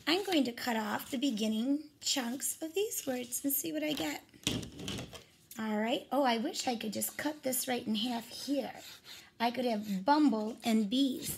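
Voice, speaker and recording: A woman's voice: fairly high pitch, normal speed, slightly rough. A woman teacher reading a picture book aloud and teaching rhymes to young children, talking straight to them in an encouraging way. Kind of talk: read-aloud phonics lesson for young children.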